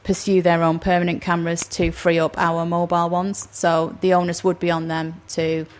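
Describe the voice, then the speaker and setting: A woman's voice: on the low side, completely flat delivery, normal speed. A woman speaking at a council meeting, carefully clarifying a point for the record. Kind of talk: formal meeting remarks.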